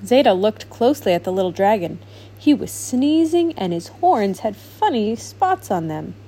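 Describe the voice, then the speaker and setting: A woman reading a children's storybook aloud with animated, expressive narration. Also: mid-range voice, moderate pace, slightly rough. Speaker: storybook reader.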